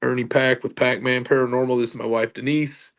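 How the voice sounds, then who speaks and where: A man's voice: medium pitch, flat delivery, brisk, a bit bright. A man, a podcast guest telling paranormal stories in a loose, rambling way. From Kentucky. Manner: rambling, with fillers and self-corrections. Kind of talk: casual storytelling.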